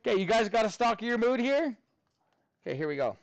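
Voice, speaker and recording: A male math teacher chatting with his class in a casual storytelling mode. His pitch rises and falls a lot, and he sounds self-amused as he talks straight to the students. The recording is dry and close. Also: very animated, quick pace, no echo.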